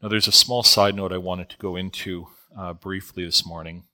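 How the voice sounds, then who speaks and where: A man's voice: low voice, fairly even intonation, normal speed, pushed and bright. A man in his fifties preaching a sermon in a reflective, conversational way, sometimes correcting himself mid-sentence.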